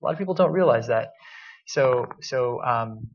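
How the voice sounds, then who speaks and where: Male panelist, mid pitch, halting delivery, dull lo-fi recording. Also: expressive. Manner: halting, repeats words. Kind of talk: panel discussion advice. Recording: muffled lo-fi sound.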